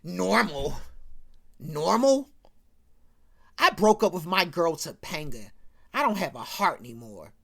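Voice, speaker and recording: A woman voicing a heartbroken, guilty teenage boy who talks low and quietly. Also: big pitch swings, slow pace, creaky, pauses often, full character voice. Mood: despairing.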